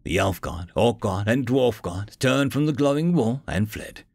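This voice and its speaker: A man narrating a fantasy story in an expressive, dramatic manner. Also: mid-range voice, unhurried, vocal fry, dry recording, soft background music.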